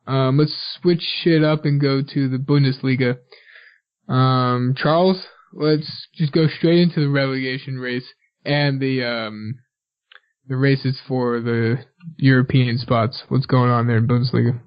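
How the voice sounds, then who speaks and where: A man's voice: mid-range voice, steady tone, a little slow. A man hosting a football podcast, steering the casual chat with questions and fillers. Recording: dull lo-fi podcast audio.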